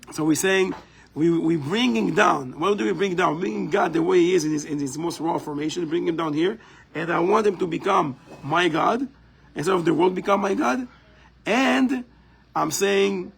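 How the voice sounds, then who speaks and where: A man's voice: fairly high pitch, gravelly, low-quality recording. A man teaching a live class in a community center, explaining step by step and often checking in with "right?".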